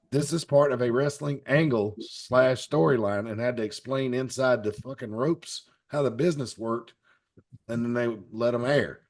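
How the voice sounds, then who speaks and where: A man's voice: medium pitch, darkish tone. A man hosting a wrestling panel show, talking in a rambling, wry, joking way. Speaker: podcast host. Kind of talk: casual chat.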